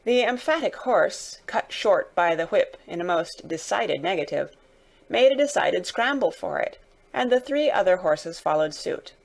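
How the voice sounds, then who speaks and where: Woman, lowish voice, dramatic storybook reading. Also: expressive, unhurried, creaky. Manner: dramatic, shouting out characters' lines. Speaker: narrator. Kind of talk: reading a classic novel aloud.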